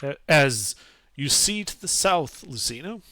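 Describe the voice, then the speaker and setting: A man narrating as game master of a tabletop game in a casual, animated way with some hesitation. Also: on the high side, measured pace, dry recording.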